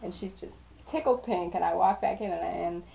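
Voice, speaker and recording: A woman telling a story in a casual, animated way, laughing often and acting out the people she quotes. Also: fairly low pitch, fast, vocal fry. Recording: tinny phone-like recording.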